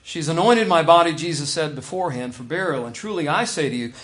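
Man, pastor, sermon, conversational preaching, emphatic scripture reading, a bit high-pitched. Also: expressive, quick pace, fairly bright tone.

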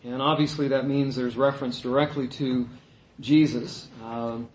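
A man preaching a sermon as a pastor, earnest and emphatic, pausing often with "uh". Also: mid-range voice, steady tone, a little mellow. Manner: earnest, emphatic teaching with frequent "uh" pauses. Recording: echoey room.

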